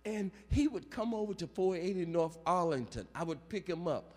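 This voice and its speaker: A male pastor preaching a funeral sermon, calling out to the congregation for amens and building up to shouts. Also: sits high, lively intonation, normal speed. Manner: call-and-response preaching, rising to shouts. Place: large church sanctuary. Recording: long church reverb.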